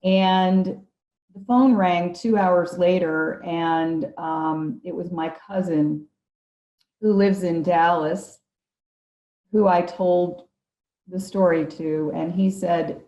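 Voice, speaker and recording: A middle-aged woman with a lowish, mellow voice recounts her story as a podcast guest, earnest and vivid in the telling. The sound is dull and lo-fi, with an echoey room around her. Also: steady tone, slow.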